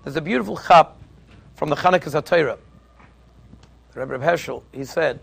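A man giving a Torah lecture as a teacher, an emphatic and animated storyteller. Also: a little high, normal speed, gravelly, breathy edge.

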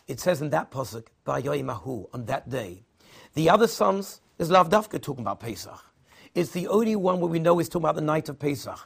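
A man's voice: on the high side, vocal fry, slightly rough. A man giving a Torah sermon in English, weaving Hebrew and Yiddish terms into his teaching. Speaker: rabbi giving a Torah talk.

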